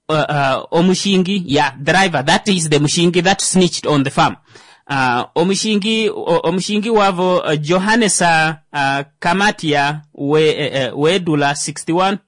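A man's voice: on the high side, unhurried, fairly bright tone, no echo. A man with a Namibian accent hosting his own show, reading an article aloud with joking asides and stumbling over the words. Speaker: show host. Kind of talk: solo commentary reading a news article.

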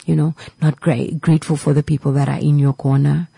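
A woman hosts a radio show with a low voice, giving a heartfelt motivational talk to her listeners. She repeats her lines and sinks into near-whispers, and her voice comes across dry and close on a studio mic. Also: level tone, brisk, gravelly, dark tone, breathy edge, dry recording, rough recording. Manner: repetitive, preachy, emotional, drops to a whisper at times. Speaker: radio host.

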